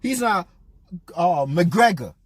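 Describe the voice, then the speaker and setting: A man's voice: high-pitched, big pitch swings, slow, husky, dry recording. A man giving a blunt, profane, mocking rant as a boxing commentator.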